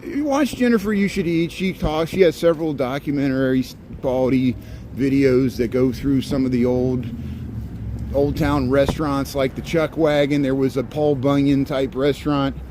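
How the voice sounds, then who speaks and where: A man's voice: mid-range voice, moderate pace, dark tone. A man hosting a rambling livestream walk down a city street, chatting with viewers as he goes. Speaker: livestream walking tour host. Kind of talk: casual livestream chat while walking. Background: faint street and traffic noise.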